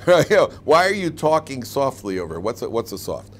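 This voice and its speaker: A man's voice: medium pitch, very animated, moderate pace. A man teaching a casual Torah class, chatty and joking, acting out quoted lines. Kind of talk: informal classroom lecture.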